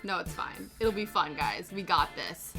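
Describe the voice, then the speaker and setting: A woman's voice: lowish voice, animated, moderate pace, gravelly, bright, forceful tone, soft background music. A woman hosting a casual livestream, chatty and self-mocking as she crafts and chats. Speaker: livestream host.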